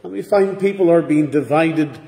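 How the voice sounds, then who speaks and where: Measured male preacher, middle-aged, warm tone, big reverberant church sound. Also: fairly high pitch, gravelly. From Northern Ireland. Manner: measured, earnest preaching with pauses. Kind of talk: sermon. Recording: echoey hall with long reverb.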